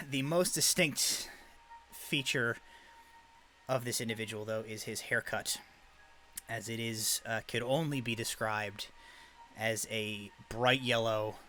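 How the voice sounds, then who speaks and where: Bright-voiced man running a tabletop game. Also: mid-range voice, slow, long pauses. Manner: rambling, fills his speech with "like" and "uh". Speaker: game master.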